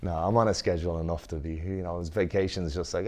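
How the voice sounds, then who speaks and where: This is a man with an Irish accent speaking in a very low voice. He chats casually as an interview guest, relaxed, with lots of fillers and easy laughter. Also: quick pace. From Ireland. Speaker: guest wrestler.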